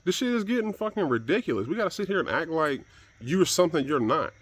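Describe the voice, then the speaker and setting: A man's voice: a little high, sing-song, fast, no room sound. Blunt, profane man ranting solo. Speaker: commentator.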